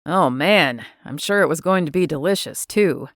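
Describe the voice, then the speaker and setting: A woman narrator voicing a gentle, easygoing young male cowboy in an audiobook, her voice dropped a little lower. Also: moderate pace, no echo, studio quality. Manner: gentle, relaxed drawl-free talk. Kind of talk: audiobook character voice.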